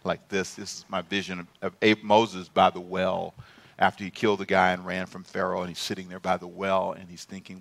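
A man preaching a sermon to a congregation, telling stories from his youth and calling out to the crowd, going from hushed musing to loud shouts. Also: sits low, completely flat delivery, fairly quick, gravelly. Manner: calls out to the congregation for responses.

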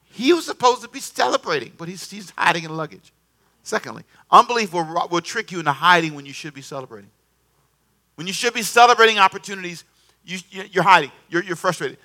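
A man preaching a sermon in an animated, conversational way, repeating himself and calling on the congregation to answer. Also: on the high side. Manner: animated, repetitive, conversational preaching with call-and-response. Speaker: pastor.

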